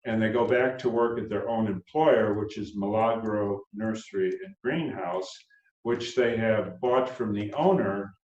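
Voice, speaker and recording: A man, the author, reading his own novel aloud calmly and unhurriedly, with brief asides. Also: lowish voice. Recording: roomy, dull sound from far off.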